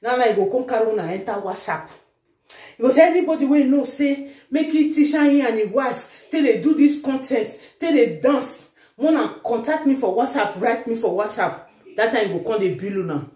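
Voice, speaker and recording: A Nigerian woman talks straight to her followers in a teasing, animated vlog. Her voice leaps between sudden loud exclamations and low muttered asides, all of it bouncing around an echoey room. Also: normal speed. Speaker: vlogger. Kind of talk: casual commentary to followers.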